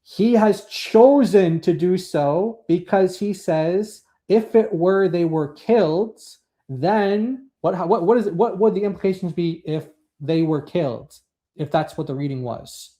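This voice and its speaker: A man's voice: sits high, unhurried, warm tone. A man co-hosting a casual discussion, reading quotes from a text and commenting in a rambling way with many fillers. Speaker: co-host.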